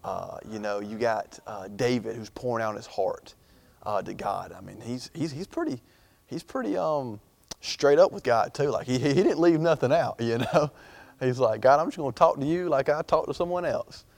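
A man's voice: mid-range voice, normal speed, vocal fry, darkish tone, dry recording. Casual young male preacher, dry sound. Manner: conversational, rambling, many fillers and restarts. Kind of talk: informal sermon.

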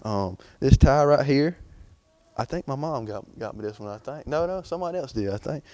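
A man's voice: medium pitch, lively intonation, a little fast, mellow. A young man preaching an informal sermon in a chatty, rambling way, full of fillers and restarts.

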